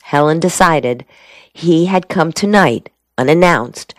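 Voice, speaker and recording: A woman narrating a novel in a steady, measured audiobook reading. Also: low-pitched, no echo.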